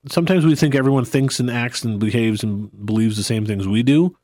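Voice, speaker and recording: A man hosting a podcast in a relaxed, rambling chat, often laughing. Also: medium pitch, brisk, dry recording, studio quality. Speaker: podcast host. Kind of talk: casual chat.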